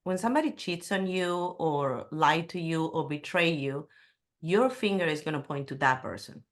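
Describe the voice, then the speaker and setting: A woman's voice: deep voice, expressive, normal speed. A middle-aged woman, a podcast guest, telling a personal story candidly and with feeling, her English sometimes slipping in grammar. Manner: candid and emotional, with non-native grammar slips.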